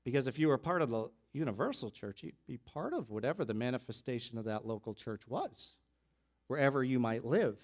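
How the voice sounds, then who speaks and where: A man's voice: medium pitch, lively intonation, fairly quick. A man preaching a sermon as pastor, teaching in a conversational way with restarts and side remarks, now and then rising into emphatic peaks.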